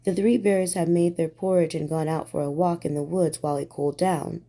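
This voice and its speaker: A woman reads a bedtime story in a gentle, soothing way. Her voice is mellow and warm, set a little low. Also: steady tone, fairly quick.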